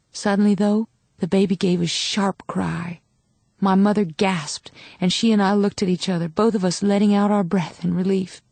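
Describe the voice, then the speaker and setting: Low-voiced woman narrating an audiobook. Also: darkish tone, dry recording. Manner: intimate, measured storytelling. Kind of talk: first-person audiobook narration.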